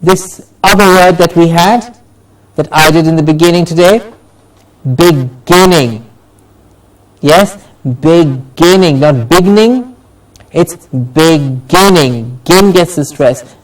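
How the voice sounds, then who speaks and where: A man teaching a pronunciation lesson, slowly repeating words and exaggerating the stressed syllables. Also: fairly high pitch, distant mic, low-quality recording.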